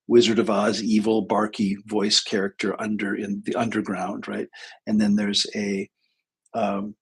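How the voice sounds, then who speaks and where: A man with a gravelly, somewhat low voice that turns husky and rough at the edges. He chats casually to his livestream audience, telling funny stories with a self-deprecating streak. His delivery is loose and conversational, like a therapist swapping anecdotes. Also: fairly bright tone. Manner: chatty, self-deprecating, tells anecdotes with humor.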